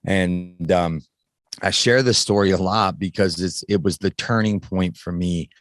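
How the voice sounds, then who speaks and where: Low-voiced man telling a raw story. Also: a little slow, dry recording. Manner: casual, swears freely, restarts sentences. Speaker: podcast guest. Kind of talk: candid personal story in conversation.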